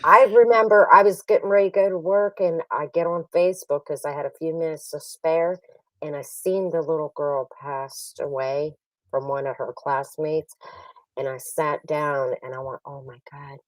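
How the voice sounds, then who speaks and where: A woman's voice: sits low, fairly even intonation, normal speed, dry recording. A woman chatting sympathetically in casual conversation. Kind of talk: casual chat. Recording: dry, distant mic.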